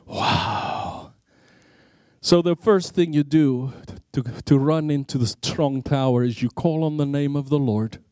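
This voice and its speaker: High-voiced male evangelist preaching. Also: moderate pace, hardly any pauses, no room sound, studio quality. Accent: non-native English accent. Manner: animated storytelling with many restarts. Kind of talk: sermon.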